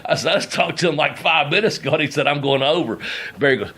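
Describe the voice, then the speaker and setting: A man's voice: a little high, lively intonation, fast, pushed and bright, husky. A middle-aged man hosting a podcast, telling rambling wrestling stories in casual chat, laughing often and swearing as he goes. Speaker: podcast host, former wrestler.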